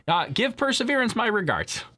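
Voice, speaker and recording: A man's voice: high-pitched, big pitch swings, fairly quick, sharp tone. A man hosting a live stream, chatting casually with viewers, joking and laughing often. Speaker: livestream host.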